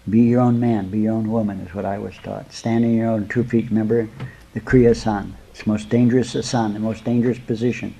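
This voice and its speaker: Husky-voiced man giving a slow spiritual talk. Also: on the low side, flat delivery, warm tone, poor audio. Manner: slow, rambling, addresses listeners as beloved. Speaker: spiritual teacher.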